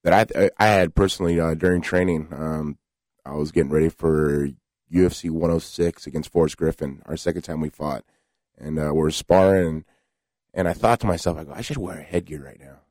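Brash, boastful fighter type, a man with a very deep voice, dry close studio mic. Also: steady tone, a little mellow, dry recording. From United States. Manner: brash, boastful, halting with fillers. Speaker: fighter guest. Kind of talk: radio interview. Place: radio studio.

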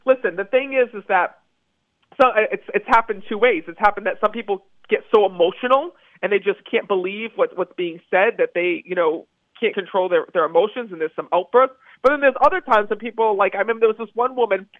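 A man's voice: high voice, fairly quick, dry recording. A man, a medium, telling stories eagerly in a phone-in interview and repeating words for emphasis. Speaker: psychic medium guest. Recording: tinny phone line.

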